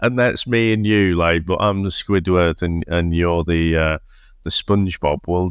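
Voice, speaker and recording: A man's voice: sits low, dry recording, clean studio sound. A man co-hosting a casual film podcast, talking with enthusiasm, laughing often and swearing freely. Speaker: podcast co-host. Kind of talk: casual chat.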